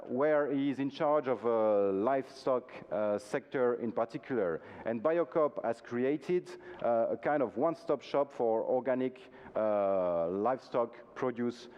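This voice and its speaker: A man's voice: mid-range voice, darkish tone. A man moderating a conference workshop and introducing the next speaker, with many hesitations. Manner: hesitant, many filler sounds. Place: large conference hall. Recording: dull sound in a reverberant hall.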